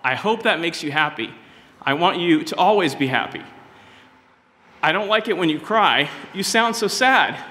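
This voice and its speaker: A man voicing an unborn baby girl who speaks gently and plaintively to her mother. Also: on the high side, animated, normal speed, big-room sound, a little hiss or hum. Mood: tender. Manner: gentle, plaintive reading of a poem.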